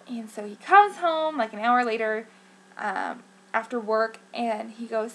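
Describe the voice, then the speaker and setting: Excitable, chatty young woman vlogger. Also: a little high, a little slow. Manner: excitable, chatty, many fillers, acts out quotes. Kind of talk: casual vlog storytelling.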